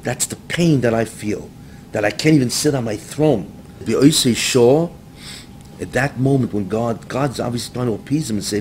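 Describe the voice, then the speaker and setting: A man's voice: medium pitch, moderate pace, darkish tone, a little hiss or hum. A man teaching a religious text, translating and explaining it in a lecture with bursts of dramatic emphasis. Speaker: Torah teacher.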